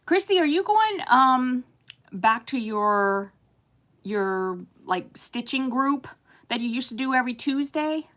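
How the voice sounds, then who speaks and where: Her voice is high with lively intonation, though she speaks at a slow pace. She's a middle-aged American hosting a relaxed live stream, reading the live chat aloud to her audience, chatting warmly, laughing frequently and leaning on many fillers.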